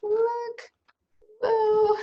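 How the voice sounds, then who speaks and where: A woman voicing a boastful male giant squid in a children's storybook read-aloud, bragging in drawn-out proclamations. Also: extremely high pitch, monotone, muffled recording, a little hiss or hum, pitched above the performer's own voice, heavily acted.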